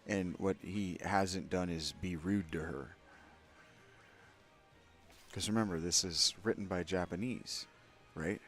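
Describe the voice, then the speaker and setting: A man with a fairly low voice talks through a game as its host, candid and opinionated. He drifts into rambling asides aimed at his viewers between moments of play. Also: takes it slowly, long pauses, fairly bright tone, faint music behind. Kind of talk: gameplay commentary.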